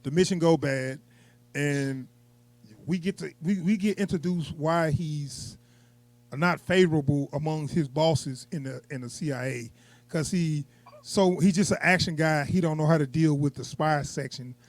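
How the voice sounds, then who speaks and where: A man co-hosting a casual movie review chat, animated and laughing often, acting out quotes from the film in a raised voice. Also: on the high side, measured pace, no room sound.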